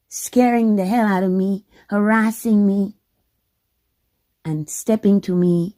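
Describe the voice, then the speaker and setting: A woman's voice: medium pitch, steady tone, unhurried, warm tone. A woman telling a personal story to camera in a dramatic way, often dropping into a whisper and piling up repeated words for emphasis. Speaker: vlogger.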